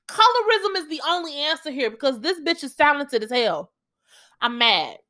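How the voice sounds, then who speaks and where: A woman's voice: high voice, very animated, moderate pace, sharp tone. Heated, profane young woman podcast host. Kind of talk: solo podcast rant.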